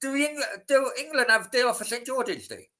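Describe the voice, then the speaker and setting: A man's voice: extremely high pitch, lively intonation, normal speed, pushed and bright. A man hosting a casual live stream, rambling, swearing freely and talking straight to his chat. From Wales.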